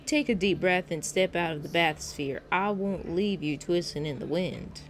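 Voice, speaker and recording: A woman's voice: on the low side, normal speed, soft background music, natural voice. A woman reading a firm male radio guide. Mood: urging. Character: steady male radio guide urging a stranger on.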